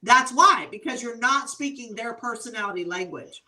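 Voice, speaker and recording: Bright, lively woman guest, slightly distant mic. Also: a little high, normal speed. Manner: animated, exclamatory, laughs often. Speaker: guest behavior consultant. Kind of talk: storytelling interview answers.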